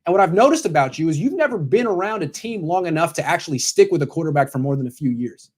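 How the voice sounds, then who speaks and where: A man's voice: a little high, animated, fast talker, a little mellow, breathy edge. A man who is a sports commentator, bluntly lecturing a coach as if in a meeting, confrontational and direct.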